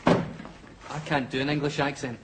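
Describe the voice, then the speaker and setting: An actor playing a dry, sardonic recruit. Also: male voice, mid-range voice, steady tone, a little slow, lightly acted. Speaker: RAF trainee. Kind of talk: 1980s TV sitcom acting. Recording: noisy old TV soundtrack.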